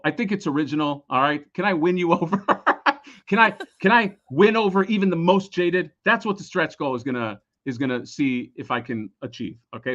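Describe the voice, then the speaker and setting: A man in casual podcast chat who gets excitable, swears often and stumbles over his words. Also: on the high side, muffled recording. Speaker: podcast guest, toy creator.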